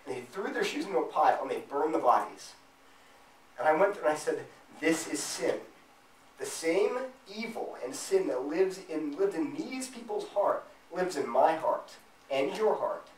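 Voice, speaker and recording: Man, fairly high voice, forceful apologetics lecturer, heard from a distance in an echoey room. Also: lively intonation, normal speed, slight background noise. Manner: emphatic, acts out imagined back-and-forth dialogue. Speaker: invited speaker at a student fellowship event. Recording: roomy sound, mic at a distance.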